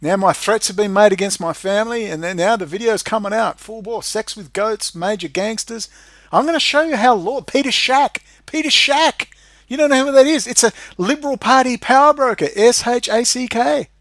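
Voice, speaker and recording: An Australian man rants straight at the camera in a high, keyed-up voice. He swears constantly and lurches between sullen muttering and loud outbursts. The sound is close and dry, with no room around it. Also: normal speed, no room sound. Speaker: independent video maker. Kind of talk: angry ranting monologue.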